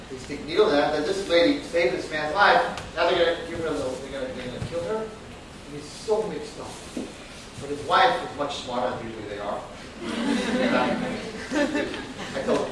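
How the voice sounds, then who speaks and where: A man's voice: fairly high pitch, sing-song, moderate pace. A man telling a story as a religious lesson, acting out the characters' voices and laughing as he talks. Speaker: religious teacher. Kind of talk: storytelling sermon. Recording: echoey room, distant mic, noisy.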